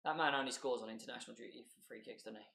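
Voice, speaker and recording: A man's voice: mid-range voice, rapid-fire, gravelly, roomy sound, background noise. Chatty man streaming a match. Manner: chatty, loose, reacts to play and reads out viewer names. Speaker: football watchalong streamer. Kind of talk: live match commentary and chat with viewers.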